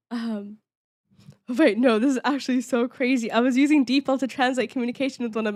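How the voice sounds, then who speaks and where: A young woman streaming as a VTuber, chatting casually with her viewers in a giggly, excitable way, often restarting and stammering. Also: sits high, moderate pace. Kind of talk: casual live-stream chat.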